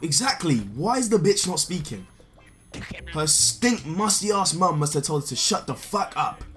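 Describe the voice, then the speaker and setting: A man's voice: on the high side, lively intonation, normal speed, fairly bright tone. Guy gaming and trash talking nonstop, swearing, voice bouncing up and down, music playing under it. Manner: brash, profane trash-talking, repeats insults over and over. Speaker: gaming video creator. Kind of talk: live gameplay commentary with voice chat.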